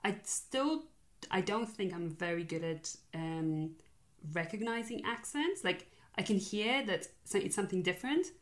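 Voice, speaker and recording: A young woman in her twenties chatting casually, thoughtful and halting, with many fillers and restarts. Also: medium pitch, animated. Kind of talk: casual chat.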